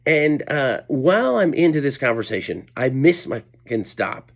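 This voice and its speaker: Middle-aged guy rambling through a funny story at home late at night, self-deprecating, lots of asides, ordinary mid-pitch voice. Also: sing-song, moderate pace, gravelly. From Colorado, USA. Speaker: comedian and storyteller. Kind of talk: casual storytelling monologue.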